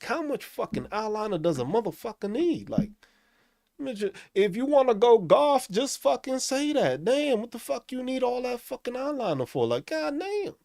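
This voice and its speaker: A man ranting in a casual live stream, swearing often and talking in an animated way. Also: extremely high pitch, normal speed, creaky, no echo, clean studio sound.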